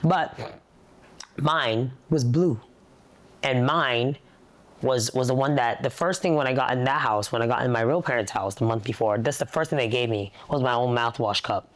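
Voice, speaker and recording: A young woman telling a personal story in a therapy session, animated and blunt, swearing freely. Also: rumbling low, normal speed. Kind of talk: casual storytelling.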